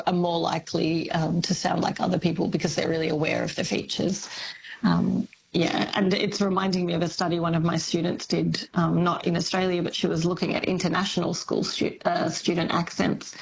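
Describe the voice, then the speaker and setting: A woman's voice: on the low side, vocal fry, a little hiss or hum, poor audio. A woman who studies accents, explaining thoughtfully on a radio phone-in and laughing often. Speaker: linguistics academic guest.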